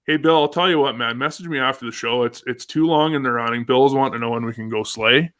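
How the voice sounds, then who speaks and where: A man's voice: mid-range voice, quick pace, a bit bright. A man hosting a casual live fishing show, upbeat and chatty, reading out viewer comments. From Canada. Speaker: host.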